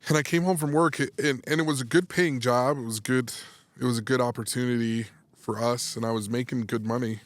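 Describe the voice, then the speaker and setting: A man in his thirties speaks with an even, mid-range pitch, telling a story in a relaxed podcast chat. He talks in an animated way, often restarting phrases and acting out the lines of others. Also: brisk, dry recording. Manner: animated, restarts phrases, acts out quoted dialogue. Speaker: guest, sports psychology coach. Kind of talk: casual storytelling in a podcast interview.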